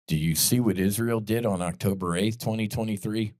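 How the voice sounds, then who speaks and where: A man's voice: fairly low pitch, normal speed, few pauses, a little mellow, dry recording, studio quality. A man hosting a podcast, delivering blunt, heated political commentary full of profanity. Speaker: podcast host.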